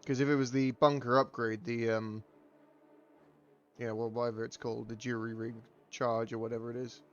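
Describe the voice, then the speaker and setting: A man's voice: medium pitch, flat delivery, moderate pace, highs cut off, faint music behind. A man casting a live game tournament with loose, joking play-by-play. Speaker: tournament caster.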